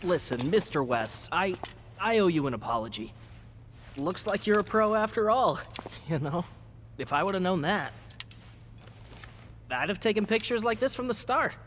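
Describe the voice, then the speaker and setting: An actor playing a vain young photographer villain in a video game, who mocks and gloats with cackling laughter. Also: male voice, high-pitched, big pitch swings, moderate pace, pauses often, fairly bright tone, a little hiss or hum. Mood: gloating.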